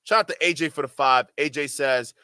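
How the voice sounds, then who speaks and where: A man's voice: on the high side, fairly quick, pushed and bright, smooth, no room sound, clean studio sound. A man hosting a livestream, giving heated, profane commentary in a ranting manner. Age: adult. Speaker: streamer host.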